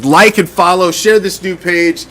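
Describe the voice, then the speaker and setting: A man's voice: high-pitched, fairly even intonation, measured pace, bright, forceful tone. A man hosting a fan sports show, ranting in a heated, sarcastic and profane way, with loose stumbling restarts. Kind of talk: casual ranting commentary.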